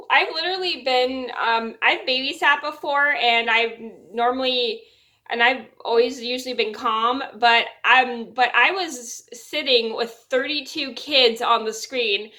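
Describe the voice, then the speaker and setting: A woman's voice: a little high, bright, forceful tone. A young woman casually telling a personal story to camera, rambling and restarting her sentences. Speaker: vlogger.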